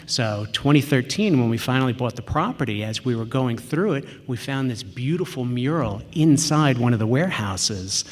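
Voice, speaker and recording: Husky-voiced man telling a story in a hall. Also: medium pitch, animated, moderate pace, few pauses. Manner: chatty, personal, with frequent ums and quoted asides. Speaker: conference speaker. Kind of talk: storytelling conference talk. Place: large auditorium. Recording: long reverb of a large hall.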